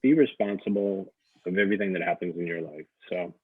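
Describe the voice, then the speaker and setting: A man with a low, husky voice joins a book club discussion and answers in an agreeable, reflective way. His audio is dry and tinny, like a phone line. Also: fairly quick, no room sound. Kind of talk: casual discussion.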